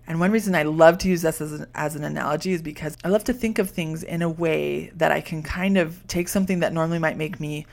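Woman with a low voice, life coach, chatty podcast storytelling, reassuring, lots of fillers. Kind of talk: podcast monologue.

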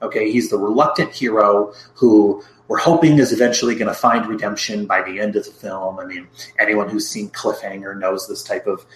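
A man's voice: fairly low pitch, fairly even intonation, a little fast, hardly any pauses, a bit bright, reverberant, a little hiss or hum, low-quality recording. A man casually reviewing a film with a co-host, recapping the plot with frequent restarts and asides.

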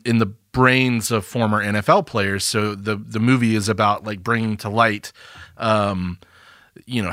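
A man co-hosting a casual film podcast, talking in a halting, wry way with plenty of fillers. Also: fairly low pitch, sharp tone, no echo, clean studio sound. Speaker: podcast co-host.

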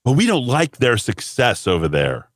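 A man's voice: medium pitch, wildly swooping pitch, normal speed, no room sound. Radio host guy ranting blunt on air, dry studio mic, voice jumps around a lot. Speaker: radio talk show host. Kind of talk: talk radio monologue. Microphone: studio microphone.

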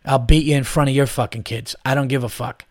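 A man's voice: mid-range voice, fairly even intonation, quick pace, no echo, studio quality. A man in his thirties hosting a solo podcast, ranting in a heated, profane, rambling way. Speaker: podcast host.

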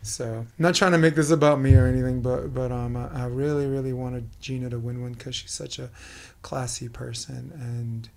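A middle-aged man with a New York accent, hosting a casual interview and talking fast and animatedly. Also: medium pitch, steady tone, vocal fry, darkish tone. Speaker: podcast host.

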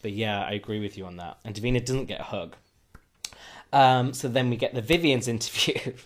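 A man's voice: medium pitch, fairly quick, slight background noise. Joking man recapping a reality show. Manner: joking, sarcastic, rambling. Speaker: podcast co-host. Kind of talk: casual recap chat.

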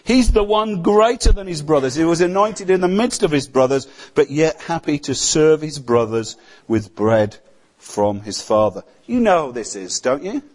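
A man preaching a sermon, his voice sitting a little higher than most men's. He talks to the congregation as if chatting, often tagging on questions like "isn't it?" to draw them in. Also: expressive, normal speed, darkish tone. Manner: conversational, rhetorical questions to the congregation.

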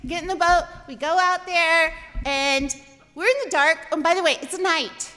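A woman telling a comic personal story, animated and self-deprecating, with exasperated asides. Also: extremely high pitch, brisk. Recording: long hall reverb.

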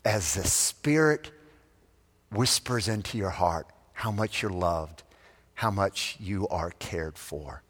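A man preaching a sermon, telling a story that swells loud and then drops to a hush. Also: low voice, animated, slow. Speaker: pastor. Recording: long reverb of a large hall.

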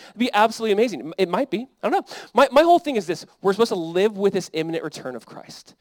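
Fast-talking pastor preaching with earnest energy. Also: male voice, high-pitched, expressive, a little mellow, no room sound. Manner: earnest, conversational preaching with quick asides and repeated phrases. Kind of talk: sermon.

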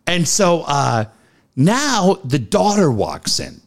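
Gravelly, animated middle-aged man telling a story. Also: on the high side, slow. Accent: Southern Californian. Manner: animated, acts out quoted voices. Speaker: podcast co-host. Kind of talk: storytelling casual chat. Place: studio.

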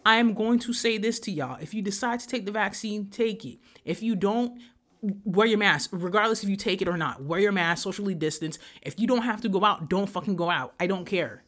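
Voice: mid-range voice, a little fast, a bit bright. A young adult podcast host in a heated, profane solo rant, speaking straight to the listeners. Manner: direct address to listeners.

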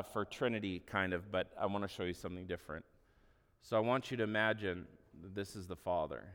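A man's voice: on the low side, a bit bright, long reverb tail. A man preaching a sermon as a pastor, earnest and conversational, with offhand asides. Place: church hall.

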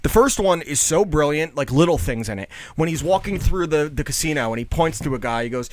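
A young man co-hosting a podcast in casual chat, animated and quick to laugh, acting out quotes and swearing now and then. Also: fairly high pitch, a little hiss or hum. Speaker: podcast co-host.

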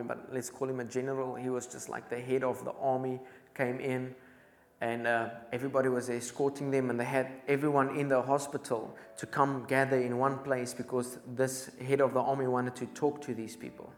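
A man's voice: medium pitch, little pitch movement, a little fast. A man preaching a sermon in a church, telling a story with urgency and repeated phrases. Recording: echoey church hall.

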